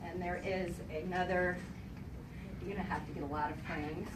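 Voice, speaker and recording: A woman's voice: on the low side, steady tone, normal speed. A woman presenting a flag and certificate at a retirement ceremony, reading formally with light laughter. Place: large hall at a retirement celebration. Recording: echoey hall from far off, crowd noise. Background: audience chatter.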